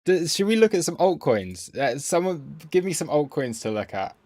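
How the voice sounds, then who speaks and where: A man's voice: a little high, big pitch swings, normal speed, a little mellow, no echo, studio quality. A man hosting a casual live stream about crypto trading, rambling and self-mocking as he reads the chat aloud.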